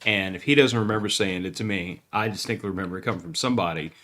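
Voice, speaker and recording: A man's voice: sits low, fast talker, fairly bright tone. A man co-hosting a podcast in casual chat, blunt and opinionated. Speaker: podcast co-host.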